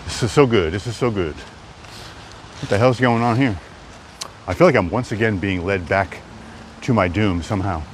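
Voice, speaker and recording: A man rambles to his live-stream viewers while hiking a wooded trail. His voice sits fairly low. Faint outdoor noise and the odd passing car sound behind him. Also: moderate pace, pauses often. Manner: rambling, chatty, talks to chat. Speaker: livestreamer. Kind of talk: live-stream walking vlog. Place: outdoors in woods.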